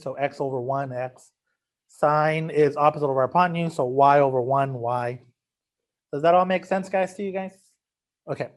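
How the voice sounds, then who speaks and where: A man's voice: fairly high pitch, a little mellow. A man teaching a math lesson, casual and joking, talking straight to his students. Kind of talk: recorded class lecture.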